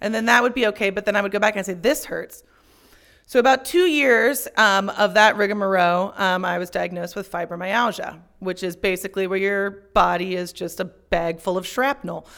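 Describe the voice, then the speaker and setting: A young woman telling a personal story on stage, profane and self-mocking, shouting out her punchlines. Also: mid-range voice, steady tone, fairly quick, few pauses.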